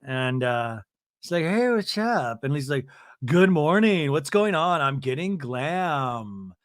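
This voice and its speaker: Male host in his thirties, comic recapper, bouncy higher pitch, dry close mic. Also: takes it slowly, no echo. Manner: animated, mimics cast members in exaggerated voices. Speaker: podcast host recapping a reality show. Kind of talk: comedic recap with mock quotes.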